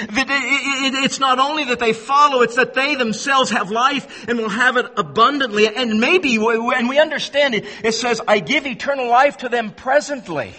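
A man preaching a sermon with emphatic stresses, dropping to hushed low words and repeating phrases as he presses his point. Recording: long reverb of a large hall.

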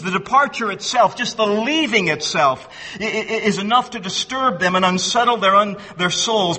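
A man preaching an expository sermon, earnest and emphatic, often repeating words as he restarts and slowing down to stress key phrases. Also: high voice, pushed and bright. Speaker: pastor. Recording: long hall reverb.

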